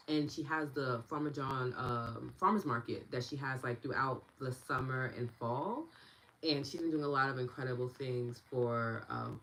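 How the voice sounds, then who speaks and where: A young woman with a New York accent guides a live online session in a low, grounded voice. She talks to her viewers in a loose, chatty way and breaks into bubbly excitement. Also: a little hiss or hum, low-quality recording. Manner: bubbly, bursts into excited laughter. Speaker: meditation and tapping guide. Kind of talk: casual live-stream teaching while reading chat.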